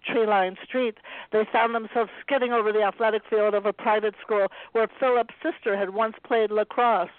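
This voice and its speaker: A woman author reading a passage from her own novel aloud in a steady, even way. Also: mid-range voice, no echo. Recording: dry tinny phone-like line.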